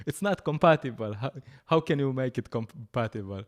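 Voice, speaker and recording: A man leads a scripture class, telling stories with animated energy. He laughs often and searches for words with many fillers. His voice sits at an ordinary middle pitch. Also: fairly quick, few pauses. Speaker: lecturer at a temple program.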